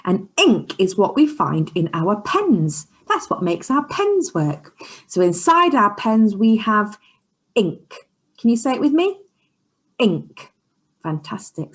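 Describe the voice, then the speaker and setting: A woman teaching a phonics lesson to young children in an encouraging, sing-song way, sometimes dropping to a soft whisper. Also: mid-range voice. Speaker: early years teacher. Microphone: camera she sets up herself.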